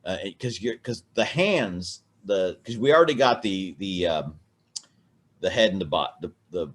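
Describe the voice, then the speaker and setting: A man's voice: sits low, animated, normal speed. A man on a casual podcast, rambling and swearing through a drunken personal chat with many restarts. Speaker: podcast co-host.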